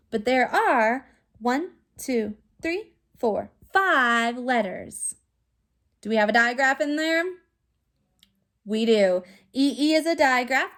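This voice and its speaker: A woman teacher recording a video phonics lesson for young children, sounding out words slowly and clearly. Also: high voice, a bit bright. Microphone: recorded to camera for remote students.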